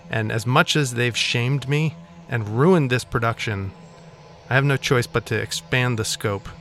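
A male radio DJ talking into a studio mic, joking at his own expense as he rambles through back-announcements. His pitch sits in the middle of the range, and faint music plays underneath. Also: fairly bright tone. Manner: wry, self-mocking, rambling asides.

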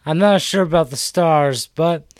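A man speaking as a radio DJ in relaxed, casual chat. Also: on the high side, measured pace, slight background noise.

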